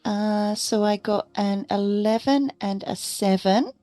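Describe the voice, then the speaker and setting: A woman's voice: medium pitch, slow pace, warm tone, no room sound. A woman with an Australian accent playing a tabletop game, upbeat and counting her dice results aloud. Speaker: player. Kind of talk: casual tabletop play.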